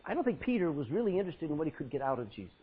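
A high-voiced man preaches with a husky edge, his pitch leaping and falling as he acts out scripture scenes. He breaks into laughs and drops low for emphasis. The recording sounds dull and lo-fi. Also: very fast. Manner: animated, acts out Bible scenes with laughs and dramatic drops in volume. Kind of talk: sermon.

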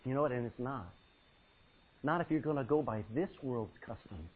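A man preaches a sermon at medium pitch and normal speed, his voice breathy and the audio narrow and tinny. He animatedly acts out Bible scenes, laughing and suddenly dropping to a near-whisper.

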